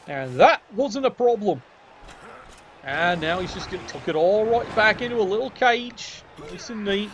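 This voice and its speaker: Man, higher-pitched voice, casual game commentary, wry and sweary, faint background hiss. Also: animated, normal speed, fairly bright tone. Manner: wry, jokey, swears freely. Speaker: video game match commentator.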